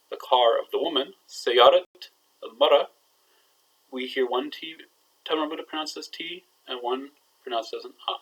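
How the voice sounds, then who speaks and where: A man's voice: a little high, fairly bright tone, poor audio. A man teaching a recorded language lesson, playful and building suspense as he explains grammar. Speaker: Arabic teacher.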